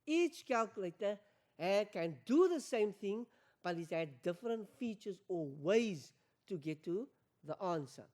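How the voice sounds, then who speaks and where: A woman's voice: mid-range voice, expressive, measured pace, a little mellow. A woman teaching an exam revision maths lesson, repeating key points and quizzing learners with questions. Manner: addresses learners as guys.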